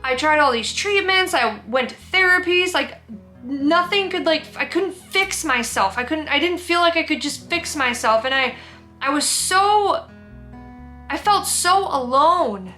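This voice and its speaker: A young woman speaks in a high, bright voice, candid and close to tears. She rambles and restarts as she tells a personal story straight to camera in a sit-down vlog. Soft music plays faintly underneath. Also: expressive, moderate pace. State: teary, emotional. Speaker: vlogger.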